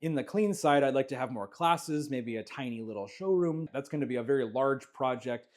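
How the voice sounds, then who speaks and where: A Canadian jewellery maker gives a casual vlog tour of his small home workshop, speaking at a medium pitch and a slightly fast pace. He's relaxed and rambling, full of fillers and restarts.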